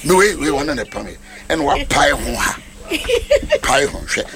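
High animated preacher with a gravelly edge. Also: male voice, moderate pace, heavy background noise. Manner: animated, shouting declarations, mixing English phrases into Twi. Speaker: pastor. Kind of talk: sermon with prophetic declarations.

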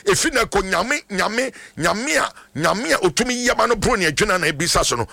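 A man's voice: sits high, lively intonation, quick pace, creaky, bright, forceful tone, no room sound. A middle-aged Ghanaian man, a pastor praying fervently for callers on a radio call-in, in a sing-song declaring cadence.

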